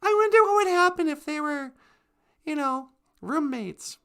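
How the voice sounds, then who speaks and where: A woman's voice: sits high, expressive, a little slow, fairly bright tone. A woman hosting a casual comedic live stream, playful and giggly.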